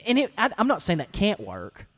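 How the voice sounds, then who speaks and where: A man co-hosting a casual discussion, talking animatedly and acting out quoted lines with lively shifts in voice. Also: high voice, fairly quick.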